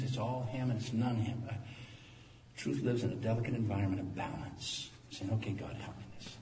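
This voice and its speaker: A pastor in his sixties preaching an animated sermon that swings from quiet talk to loud preaching, recorded in a church. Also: on the low side, a little hiss or hum. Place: church sanctuary. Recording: echoey hall from far off.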